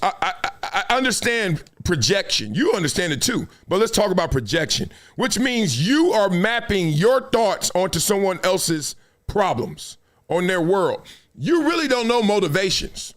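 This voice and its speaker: High, lively-voiced man hosting sports talk. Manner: animated, preachy, drops into quoted voices; laughs between points. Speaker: sports talk show host. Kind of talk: live-streamed commentary monologue.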